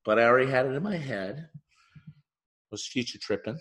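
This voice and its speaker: A man, a relationship therapist, speaking in a podcast monologue, telling an animated story full of asides and repeating key phrases for emphasis. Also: medium pitch, a little fast.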